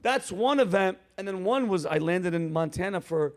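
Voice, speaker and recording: A male comedian hosting a show, telling stories in a casual chat with loud, animated acted-out quotes. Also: sits high, normal speed. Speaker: comedian host.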